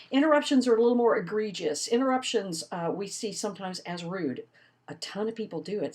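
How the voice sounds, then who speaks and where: Woman college instructor, casual and lively video lecture style. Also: mid-range voice. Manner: conversational, animated teaching with rhetorical questions.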